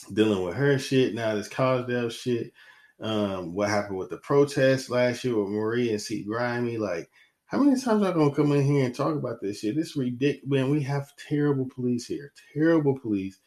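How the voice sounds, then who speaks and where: A man's voice: mid-range voice, darkish tone. A man hosting his own podcast, ranting in a heated, profane, rambling way. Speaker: podcast host. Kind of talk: casual solo podcast monologue.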